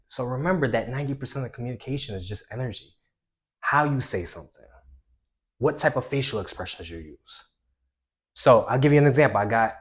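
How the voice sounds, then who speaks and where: A man coaching viewers on social confidence, talking with energy and swinging between a loud voice and a hushed one. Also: medium pitch. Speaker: self-improvement coach. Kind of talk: instructional talk to camera.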